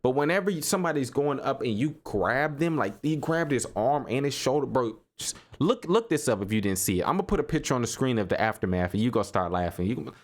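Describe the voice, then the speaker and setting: A young man hosting a casual solo basketball podcast, talking in a loose, animated way, repeating himself and laughing as he riffs on games. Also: mid-range voice, fast, hardly any pauses. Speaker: sports podcast host. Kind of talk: casual solo sports commentary.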